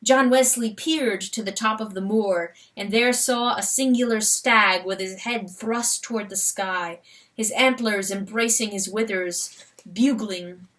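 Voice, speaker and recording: A woman giving an expressive, rhythmic dramatic reading of a storybook. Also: mid-range voice, a little slow, far from the mic. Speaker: audiobook narrator.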